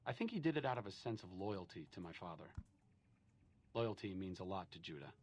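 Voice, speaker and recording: An actor playing a thoughtful, soft-spoken male companion in a video game, speaking in a calm, measured way. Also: sits low, a little hiss or hum. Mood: reflective.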